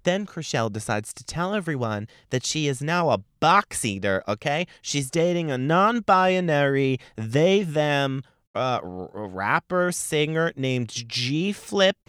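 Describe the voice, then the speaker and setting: A man's voice: on the high side, animated, slow pace, a bit bright, smooth, dry recording, clean studio sound. A young man hosting a solo podcast, ranting in a sassy, profane, mocking way. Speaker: podcast host.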